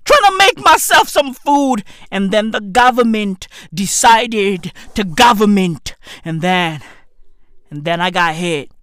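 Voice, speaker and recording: A young South African man rants to camera in a high, bright voice that leaps all over the place. He talks slowly and deliberately, cursing and breaking into shouts. The sound is close and dry. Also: smooth, no echo. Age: young adult. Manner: animated, profane, often shouting and laughing. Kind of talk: ranting comedic monologue.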